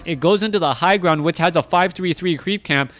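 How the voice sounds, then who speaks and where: Chatty male esports caster, higher voice. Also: a little fast. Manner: chatty, self-correcting, rising excitement in big moments. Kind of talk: solo play-by-play game commentary.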